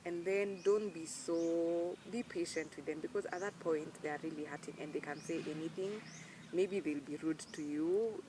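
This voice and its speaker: A young woman talking earnestly to camera, emphatic and animated when she quotes people. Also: low voice, background noise. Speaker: vlogger. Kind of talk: casual personal talk to camera.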